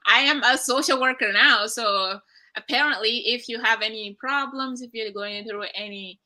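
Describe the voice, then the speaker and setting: A woman's voice: on the high side, measured pace, low-quality recording. Earnest young woman from Nigeria. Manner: earnest, prayerful, soft-spoken with brief laughs. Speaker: guest. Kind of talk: emotional personal testimony.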